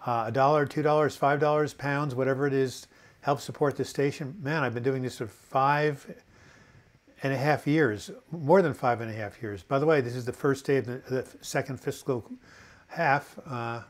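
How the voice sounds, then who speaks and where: A man talks loosely through a live chat with viewers, reading their comments aloud and answering in an earnest, encouraging way. His speech wanders and restarts often, full of fillers. His voice sits at an everyday pitch. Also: steady tone, moderate pace. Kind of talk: casual unscripted live chat.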